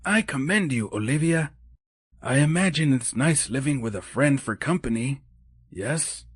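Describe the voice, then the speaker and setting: A man voicing Mrs. Claus in an audiobook, a cheerful, encouraging older woman with a brisk manner. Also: mid-range voice, expressive, slightly rough, no echo, studio quality, pitched above the performer's own voice. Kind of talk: audiobook character voice.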